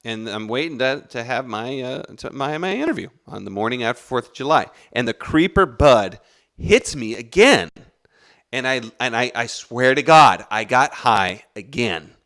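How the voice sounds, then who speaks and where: A man's voice: mid-range voice, moderate pace. A man, the podcast's host, telling a long story in a rambling, profane, casual way. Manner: rambling, profane, animated, with restarts.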